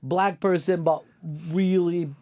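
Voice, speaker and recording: A man telling a vivid anecdote in animated, profane bursts. His voice is a little higher than most men's and sounds dry and close. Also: slow pace, dry recording, highs cut off. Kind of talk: casual anecdote.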